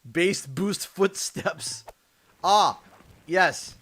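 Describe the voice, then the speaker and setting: A man's voice: high voice, extremely slow, a bit bright. A man in his thirties chatting casually while livestreaming a game, a chatty storyteller who laughs and acts out voices. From Canada. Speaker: livestreaming gamer.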